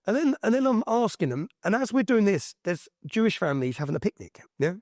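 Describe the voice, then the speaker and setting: An English man in an interview, telling a story in an excitable, emphatic way and often tossing in "yeah?" as he goes. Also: sits high, fairly quick, no room sound, studio quality. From England. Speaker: interview guest. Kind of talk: animated storytelling in conversation.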